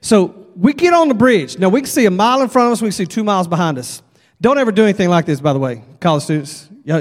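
Folksy preacher in a church hall. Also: male voice, sits high. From Texas. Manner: folksy, animated storyteller. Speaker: revival preacher. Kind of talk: storytelling sermon. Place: church sanctuary. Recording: long church reverb.

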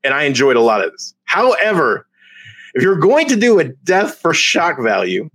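A man co-hosting a podcast, reviewing comics in casual chat, excitable and laughing often as he gets mock-outraged. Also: fairly high pitch, brisk, no echo. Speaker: podcast co-host.

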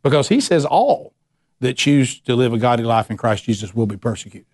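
A man's voice: medium pitch, animated, brisk, darkish tone. A man preaching a sermon as a pastor, emphatic and conversational, asking the congregation questions.

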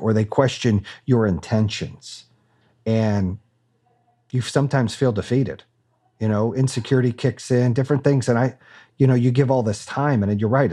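Casting: outspoken man, business owner, swears freely, high-energy and self-assured, mid-pitch. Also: mellow. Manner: blunt, profane, fired-up and self-assured. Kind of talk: candid interview talk.

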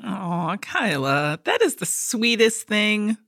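Bright, expressive woman podcast co-host. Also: mid-range voice, takes it slowly, no room sound, clean studio sound. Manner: laughs easily, swears casually. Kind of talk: casual podcast chat.

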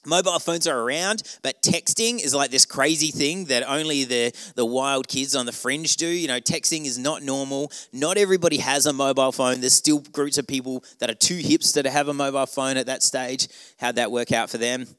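A man's voice: mid-range voice, brisk, fairly bright tone, no echo. A man, a pastor preaching a sermon through a wry, humorous personal story full of rhetorical questions.

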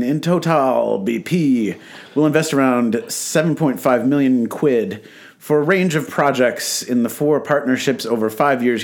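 A man's voice: mid-range voice, a little mellow. A man hosting a radio talk show, reading a press release aloud with jokes, slips and self-corrections. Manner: joking, self-correcting, laughs while reading. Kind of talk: casual on-air chat reading a press release.

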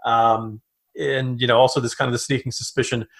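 A man co-hosting a political podcast, chatting animatedly in quick bursts with asides. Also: mid-range voice, flat delivery, vocal fry, a bit bright. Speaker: podcast co-host. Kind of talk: political commentary chat.

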